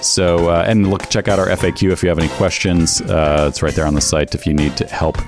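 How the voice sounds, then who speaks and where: Male co-host, very low voice, laid-back delivery with music underneath. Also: brisk. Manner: relaxed, filler-heavy, dry jokes. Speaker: podcast co-host. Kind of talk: casual podcast banter and announcements.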